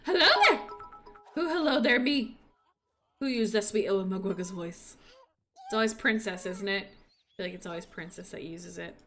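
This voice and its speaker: A woman streaming a life-simulation game with casual commentary, excitable and breaking into gushing squeals over the animals, a little sniffly. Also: mid-range voice, moderate pace, pauses often, music in the background.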